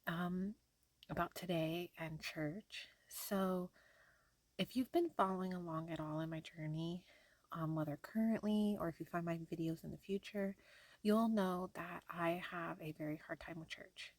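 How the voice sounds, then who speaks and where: A young woman talking softly and hesitantly in a personal diary vlog, with many fillers and restarts. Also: on the low side, a little slow, no room sound. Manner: soft-spoken, hesitant, lots of fillers and restarts. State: tearful at times. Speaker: vlogger.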